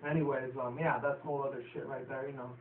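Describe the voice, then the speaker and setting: A man's voice: mid-range voice, flat delivery, fast talker. A man from New York City casually recapping a cartoon episode, rambling with lots of fillers and swearing. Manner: profane, filler-heavy, chatty. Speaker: show reviewer. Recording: tinny, roomy, distant, faint hiss.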